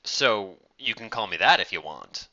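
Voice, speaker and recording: A man's voice: fairly low pitch, expressive, moderate pace, sharp tone, full character voice. A man doing a stammering nervous henchman. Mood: flustered. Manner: stammering, timid, eager to please. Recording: dull lo-fi recording.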